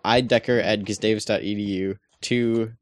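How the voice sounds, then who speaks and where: A man at a medium pitch making wry asides in casual podcast chat. The sound is close and dry, with no room echo. He talks in a plain, laid-back way. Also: fairly even intonation, normal speed. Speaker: podcast co-host.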